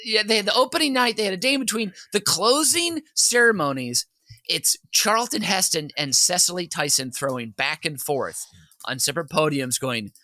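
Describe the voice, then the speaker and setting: An animated man tells stories on a comedy podcast, his pitch swinging widely as he slips into loud impressions. His voice is bright and a little high, recorded dry and close. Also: normal speed, no echo. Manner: animated storyteller, bursts into shouted impressions. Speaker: podcast co-host. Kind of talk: casual comedic chat.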